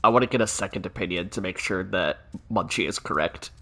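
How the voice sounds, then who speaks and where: A man streams a video game, giving casual commentary, joking sarcastically and talking with his chat. His voice is deep with a fairly bright tone, and he speaks a little fast.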